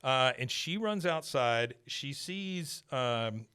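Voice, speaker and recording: A man's voice: mid-range voice, slow, clean tone. A man co-hosting a podcast, casually retelling an episode's plot and acting out the characters' lines. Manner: animated storyteller, acts out quotes in put-on voices. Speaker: podcast co-host recapping an episode.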